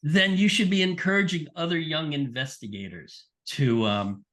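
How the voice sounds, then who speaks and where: A man's voice, on the high side, at a moderate pace. He's middle-aged, a sports nutrition scientist, and he spins lively stories as a podcast guest in a casual interview, acting out anyone he quotes.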